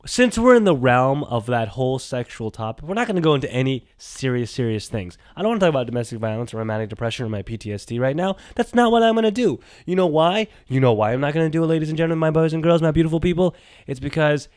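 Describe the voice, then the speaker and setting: A man hosting a solo podcast, rambling and animated, talking to himself and swinging from loud bursts to quiet mumbles. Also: medium pitch, racing, smooth, dry recording, clean studio sound. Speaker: podcast host.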